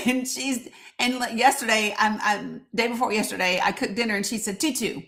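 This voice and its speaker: A woman's voice: a little high, steady tone, moderate pace, vocal fry, fairly bright tone. A middle-aged woman hosting a live stream, talking bluntly and sarcastically and swearing freely as she greets her viewers. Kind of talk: casual political commentary stream.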